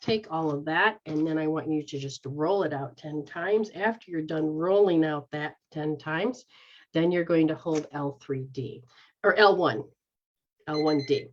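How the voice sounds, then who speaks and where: A lower-pitched woman talks clients through an energy healing session, speaking their feelings aloud in first person before giving step-by-step hand placements. The sound is dull and lo-fi, like audio from an online stream. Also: unhurried. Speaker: energy healer leading a live session. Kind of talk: guided healing session, casual.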